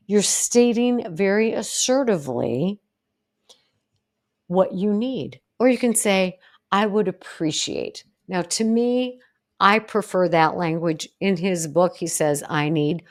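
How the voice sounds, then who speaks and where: A middle-aged woman hosts a solo podcast from home, speaking earnestly and directly. Her voice sits a little low. She acts out short example phrases as she coaches. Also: animated, takes it slowly. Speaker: podcast host, psychologist. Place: home, deer and fence outside.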